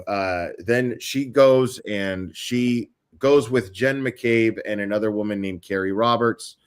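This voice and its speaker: A male host on a casual livestream, explaining a timeline step by step with frequent ums and uhs. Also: lowish voice.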